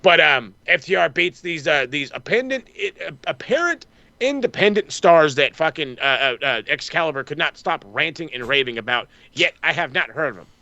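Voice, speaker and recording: A man's voice: fairly high pitch, very animated, pushed and bright, dry recording, highs cut off. A man co-hosting a podcast, ranting and swearing constantly through a heated wrestling recap, often mimicking other people. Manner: fast, heated, swears constantly, mock quotes. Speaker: podcast co-host. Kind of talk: profane wrestling recap rant.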